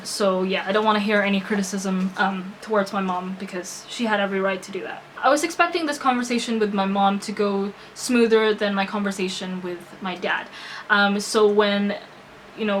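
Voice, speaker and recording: A woman's voice: medium pitch, a bit bright, a little hiss or hum, poor audio. A young woman telling a personal story to her vlog audience, earnest and emotional, full of hesitations and restarts. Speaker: vlogger.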